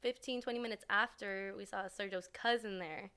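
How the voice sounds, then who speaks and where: A woman's voice: medium pitch, normal speed, smooth. A young woman from the San Francisco Bay Area, a podcast guest telling a story in casual chat and acting out what people said. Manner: animated storyteller who acts out quoted dialogue, heavy use of "like".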